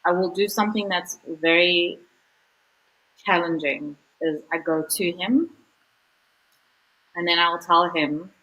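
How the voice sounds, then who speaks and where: A woman with a notably low-pitched voice talks as a guest in an interview. She speaks in an earnest, heartfelt, reflective way. Her phrasing is casual, with a lot of "like" and "you know.". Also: slow pace, long pauses, pushed and bright, rough recording. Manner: informal, sprinkled with "like" and "you know". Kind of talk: candid interview conversation.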